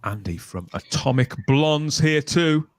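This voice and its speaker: A man's voice: on the high side, expressive, unhurried, dry recording. A middle-aged man with a Birmingham accent, hosting a casual live-stream chat in a jokey, chatty way. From England. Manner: chatty, jokey, reads out viewer names. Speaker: host.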